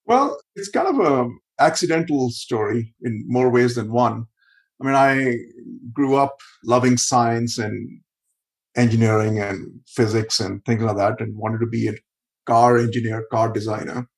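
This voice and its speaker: A man in his fifties from India, a marketing consultant guest on a podcast, telling his story earnestly and getting animated when he stresses a point. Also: mid-range voice, measured pace, low-quality recording. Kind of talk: podcast interview.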